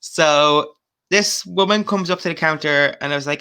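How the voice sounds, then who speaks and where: A bright-toned man co-hosting a casual podcast. He laughs easily and keeps the chat moving by prompting his friends. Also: on the high side, normal speed, smooth. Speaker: podcast co-host.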